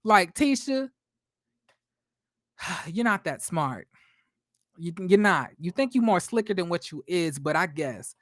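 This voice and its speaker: A man's voice: high-pitched, animated, slow pace, long pauses, a bit bright, no room sound, clean studio sound. A man giving casual, sassy, blunt commentary on a reality show, full of profanity and fillers. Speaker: reality TV recap vlogger.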